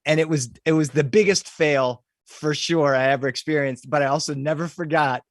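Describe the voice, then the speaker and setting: Animated male storyteller, dry close sound. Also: fairly high pitch, moderate pace, no echo. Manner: animated, laughing anecdotes. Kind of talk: casual interview chat.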